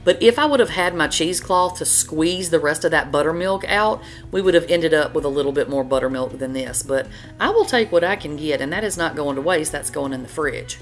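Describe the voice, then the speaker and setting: A woman's voice: deep voice, expressive, a little fast, few pauses, soft background music. A middle-aged woman, hosting a cooking channel in a chatty, folksy voiceover. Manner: chatty, folksy, says y'all a lot. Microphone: voiceover mic.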